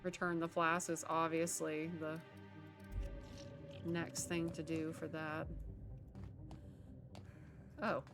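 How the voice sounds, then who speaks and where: A woman's voice: deep voice, monotone, takes it slowly, long pauses. Chatty woman narrating her gameplay. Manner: chatty, reacts out loud, laughs often. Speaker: gameplay streamer. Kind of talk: casual let's-play commentary. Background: game music.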